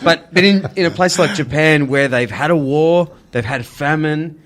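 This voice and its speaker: A man's voice: fairly high pitch, moderate pace, fairly bright tone. A man with an Australian accent hosting a casual chat, rambling and hesitant, full of fillers. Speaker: podcast host.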